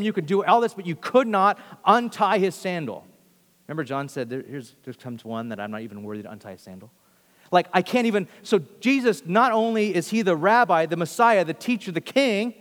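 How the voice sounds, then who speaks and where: A man with a high-pitched voice preaches a sermon in a large hall, telling the story through animated quoted voices and swinging between loud and hushed.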